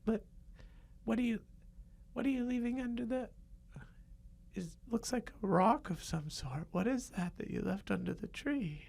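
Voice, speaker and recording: A man's voice: high-pitched, moderate pace, gravelly, long pauses, darkish tone, pitched above the performer's own voice. A man playing a kid in an improv comedy scene, teasing and mocking Santa, laughing mid-sentence. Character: kid annoyed at getting coal from Santa.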